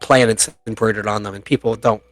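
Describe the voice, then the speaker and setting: A man's voice: on the low side, steady tone, a little fast, no echo, soft background music. A man narrating as game master of a tabletop game, chatty and laughing often at his own jokes.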